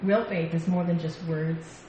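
A woman speaker giving a lively faith talk to a women's gathering from a stage mic, telling stories and laughing often. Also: on the low side, measured pace. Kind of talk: sermon-style faith talk. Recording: echoey hall, faint background noise.

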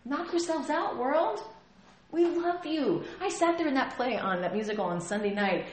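A woman pastor preaching a lively sermon, often laughing and acting out the voices she quotes. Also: sits high, normal speed, reverberant.

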